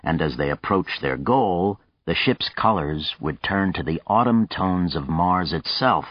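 A man with a very low voice reads a novel in a measured, steady narration. The recording is dry and close, with a slightly dull, muffled top end. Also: dry recording. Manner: measured, even storytelling. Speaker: audiobook narrator. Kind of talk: scripted narration.

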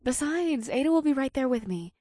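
A woman's voice: high voice, expressive, fairly quick, mellow, no room sound, clean studio sound. A woman voicing eager, adventurous young female companions in an audiobook.

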